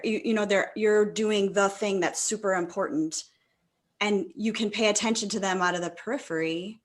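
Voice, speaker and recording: Woman coach, mid pitch, lively storyteller who voices her own thoughts. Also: moderate pace. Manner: animated, acts out her own inner voice. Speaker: coach and magazine contributor. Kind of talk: casual video-call discussion.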